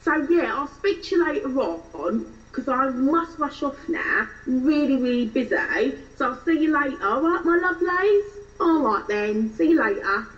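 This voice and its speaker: A giddy, shallow young Essex girl , played by a female comic, gushes in a strong Essex accent, pitched high and loud, stretching her words. The recording is dull and lo-fi, taken from a distance. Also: lively intonation, reverberant. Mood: gushing. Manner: bubbly, drawn-out gushing with rising questions.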